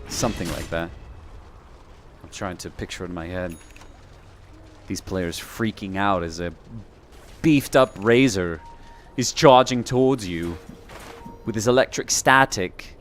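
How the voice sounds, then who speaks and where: Laid-back male esports caster, lowish voice. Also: unhurried, long pauses, soft background music. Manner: casual, joking, chatty between plays. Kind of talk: live play-by-play commentary.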